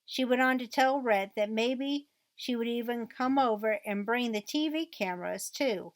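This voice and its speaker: A woman narrating a true crime essay video, reading court and book quotes in a steady read-aloud manner. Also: fairly high pitch, moderate pace, dry recording.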